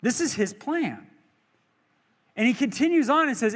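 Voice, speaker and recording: A man's voice: very high-pitched, expressive, normal speed, pauses often, a bit bright, in a large hall. A male pastor preaching a sermon in a church, in a conversational, joking way that asks the crowd questions. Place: church sanctuary.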